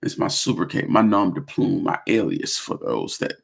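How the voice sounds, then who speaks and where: A man with a gravelly voice tells his story in a relaxed vlog chat. He talks with lively slang and animated turns. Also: sits low, moderate pace. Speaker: vlogger. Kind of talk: casual vlog talk.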